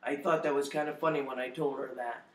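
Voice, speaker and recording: A middle-aged man giving a spoken testimony, telling his story in an animated way and acting out the quotes loudly. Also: medium pitch, fast. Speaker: testimony speaker. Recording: echoey room, distant mic.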